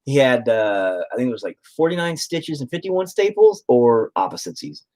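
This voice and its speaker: Animated man telling a story. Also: mid-range voice, moderate pace. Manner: swears freely, rambling and animated. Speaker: stream host chatting with viewers. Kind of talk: casual storytelling.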